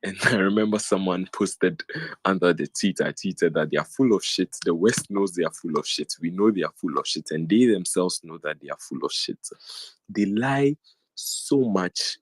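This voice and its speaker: A man's voice: sits low, a little fast, dry recording. A young man from Africa, a student speaking in an online audio room, worked up and repeating his points with many ums. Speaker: Twitter Space speaker. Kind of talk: impassioned casual talk. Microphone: phone or headset in an online audio room.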